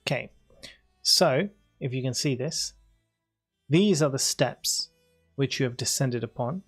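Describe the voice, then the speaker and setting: A man's voice: mid-range voice, measured pace, fairly bright tone, husky, soft background music. Easygoing British man running a game. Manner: chatty and easygoing, reads descriptions steadily then chats loosely. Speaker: game master. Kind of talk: running a tabletop game, reading adventure text.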